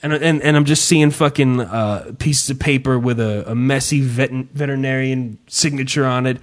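A man on a podcast telling a long story in casual chat, swearing freely and mocking himself, and shouting the lines he quotes. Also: mid-range voice, steady tone, normal speed. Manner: profane, self-mocking storyteller who yells his own quotes. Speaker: podcast host.

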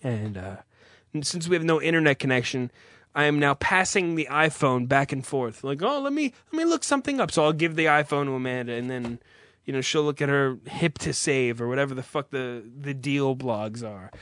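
A man's voice: mid-range voice, normal speed, fairly bright tone, no room sound, studio quality. A young man hosting a podcast, ranting in an irritated, profane, unscripted way, then reading an ad. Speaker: podcast host. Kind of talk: profane rant and ad read.

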